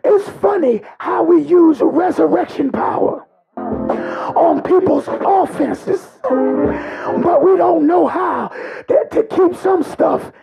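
Very high, gravelly impassioned male preacher. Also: takes it slowly, music in the background, low-quality recording. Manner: impassioned preaching, voice breaking into cries and shouts. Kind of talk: sermon.

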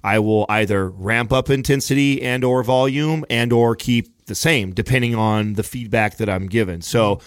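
A man's voice: mid-range voice, normal speed, few pauses, dry recording, clean studio sound. A man co-hosting a podcast in casual chat, rambling and often restarting his sentences as he explains. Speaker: podcast co-host.

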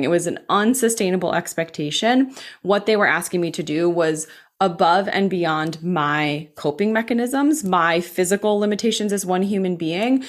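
An American woman in her thirties, a physician assistant, telling a personal story candidly with quick bursts and frequent "like". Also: on the low side. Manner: candid, animated, fast bursts with filler likes.

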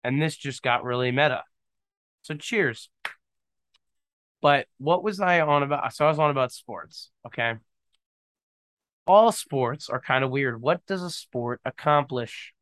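Bright, crisp young man rambling. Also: medium pitch, unhurried, long pauses, no echo. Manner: rambling, jokey, goes off on tangents. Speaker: podcast host. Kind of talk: casual solo podcast chat. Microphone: studio microphone, on camera.

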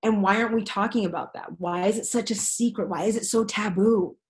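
Brief: candid woman guest, mid-pitched voice, earnest and frank, casual swearing, easy laughs. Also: brisk, darkish tone, low-quality recording. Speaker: teacher, podcast guest. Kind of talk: casual, candid interview talk.

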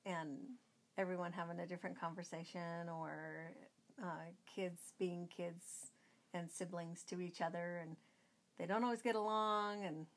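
Slow-telling middle-aged mother. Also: lowish voice. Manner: slow, rambling storyteller. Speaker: guest, mother telling a family story. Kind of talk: storytelling.

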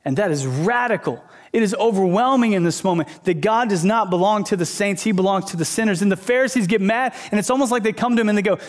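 A man's voice: sits high, fast, few pauses. A man preaching a sermon, telling a story with animation and emphatic repetition. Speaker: pastor, teacher.

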